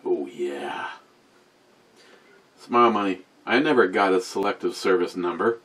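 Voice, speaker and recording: A wisecracking man in his sixties with a fairly low voice hosts a beer review in loose, rambling chat to camera. He swears freely, wanders off topic and trades jabs with his voice assistant. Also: brisk, a bit bright. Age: 60s. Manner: talks back to a voice assistant.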